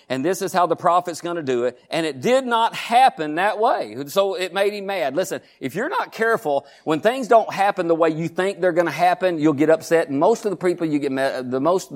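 A pastor preaching a sermon, drawing the congregation in with repeated asides and questions. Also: male voice, a little high, animated, a little fast, hardly any pauses. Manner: preaching with call-and-response asides, repeated "huh?" and "listen".

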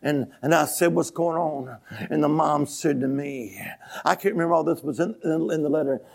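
A man preaching a revival sermon in a church, telling stories and breaking into shouted hallelujahs. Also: fairly high pitch, normal speed, creaky. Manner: builds to shouting, exclamations of hallelujah. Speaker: evangelist preacher. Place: church sanctuary with congregation.

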